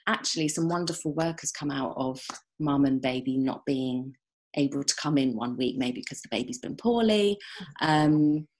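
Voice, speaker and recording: A woman with a British accent, a psychotherapist answering interview questions in a thoughtful, halting way with many fillers. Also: extremely low pitch. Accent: British English. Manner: thoughtful, warm, with fillers and restarts. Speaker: psychotherapist and group leader.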